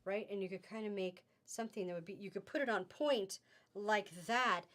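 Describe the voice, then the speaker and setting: A woman's voice: mid-range voice, normal speed, fairly bright tone. A middle-aged woman hosting a live fabric sale stream, chatty and gushing, laughing often as she reads out codes.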